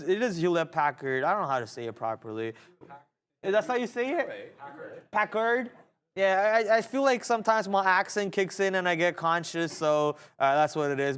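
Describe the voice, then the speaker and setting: Guy with a high voice doing live trading commentary, chatty, repeats himself a lot. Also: a bit bright, smooth. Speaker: day trading show host. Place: trading floor studio.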